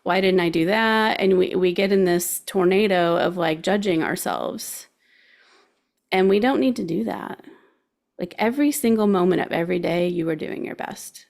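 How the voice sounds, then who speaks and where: Gravelly-voiced woman coaching casually. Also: fairly low pitch, normal speed, darkish tone. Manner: chatty and encouraging, laughs easily, many "like"s. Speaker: show host giving life guidance.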